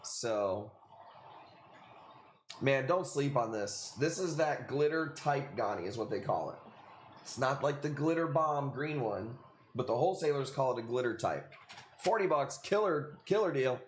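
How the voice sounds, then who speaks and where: A man's voice: mid-range voice, expressive, unhurried. A man with a Chicago accent hosting a casual livestream, rambling and chatty as he sells corals. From Illinois. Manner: rambling, chatty, laughs often, many fillers. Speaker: livestream host selling corals. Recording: echoey room with faint noise.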